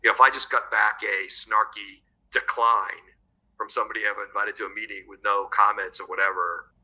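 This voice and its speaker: A man's voice: lowish voice, fairly even intonation, bright, forceful tone, poor audio. A man co-hosting a business podcast, reflecting on his own work habits. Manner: fast, reflective, shares personal practices. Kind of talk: podcast conversation.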